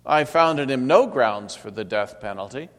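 A troubled Roman governor, as a man reads him out, pressing his questions with raised insistence. The voice has a middling male pitch and carries a long reverb through a large hall. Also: lively intonation, normal speed, close to an everyday voice. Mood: pleading.

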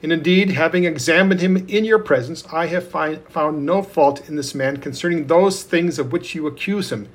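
A man's voice: fairly high pitch, moderate pace, hardly any pauses, close to an everyday voice. A man reading as a troubled Roman governor. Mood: earnest. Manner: earnest read-aloud questioning.

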